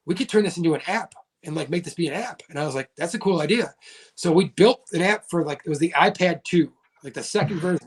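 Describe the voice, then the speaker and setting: Chatty higher-voiced man telling a story. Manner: rambling, many "like" fillers. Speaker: podcast guest. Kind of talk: casual storytelling chat.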